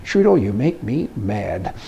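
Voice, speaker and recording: An older man delivers casual commentary in a blunt, sarcastic, folksy way. His voice is gravelly with a dark, mellow tone. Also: fairly low pitch, big pitch swings, unhurried, lo-fi sound. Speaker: commentary host.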